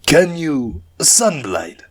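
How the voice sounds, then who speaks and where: A male narrator voicing a mischievous, grinning male demon prophet who taunts in slow, drawn-out questions, for an audiobook. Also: a little high, big pitch swings, full character voice. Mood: taunting.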